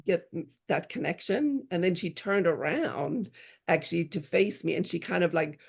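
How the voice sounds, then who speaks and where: A woman's voice: fairly low pitch, lively intonation, normal speed, creaky, slightly rough. A middle-aged woman telling a personal parenting story in a casual, earnest way, with frequent restarts. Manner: earnest, many restarts and "you know"s, acts out quoted voices.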